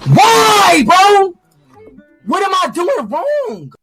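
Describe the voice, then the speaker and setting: A young man from the United States, a livestreamer in clipped outbursts, shouting and swearing in a frantic way. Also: very high-pitched, sing-song, slow, music in the background. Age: young adult.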